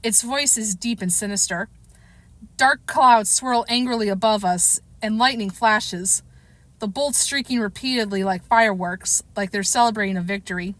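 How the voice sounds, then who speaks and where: A woman's voice: medium pitch, moderate pace, no echo. A woman narrating a first-person audiobook chapter, reading expressively and now and then correcting herself. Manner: expressive storytelling, occasional self-corrections.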